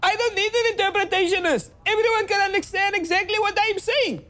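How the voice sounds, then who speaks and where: A man's voice: very high-pitched, steady tone, fairly quick, bright, forceful tone. A man impersonating an indignant young woman who is touchy and complaining.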